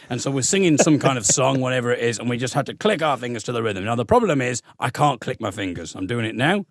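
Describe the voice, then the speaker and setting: A man from Middlesbrough, a comedian telling a funny story as a podcast guest, animated and self-mocking. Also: medium pitch, quick pace, vocal fry, dry recording, clean studio sound. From Middlesbrough, England. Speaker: comedian and folk singer, guest.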